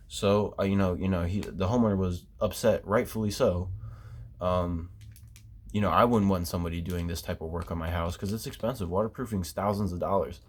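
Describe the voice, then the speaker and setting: A man's voice: deep voice, fairly even intonation, a little fast, slightly rough. A man ranting casually about quitting his job, swearing constantly and rambling with fillers and restarts. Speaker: former basement waterproofing worker. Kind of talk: casual profane rant.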